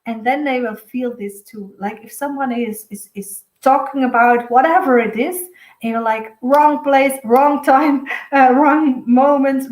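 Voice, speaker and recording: A woman's voice: a little high, a little mellow, echoey room, low-quality recording. A woman, a native Dutch speaker, giving a rambling, chatty spiritual guidance talk as an intuitive reader, laughing often.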